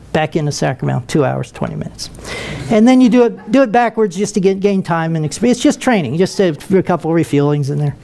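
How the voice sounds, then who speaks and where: Older man telling a lively story. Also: high-pitched. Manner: lively, humorous, acts out voices. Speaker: retired military pilot and speaker. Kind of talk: storytelling talk to an audience.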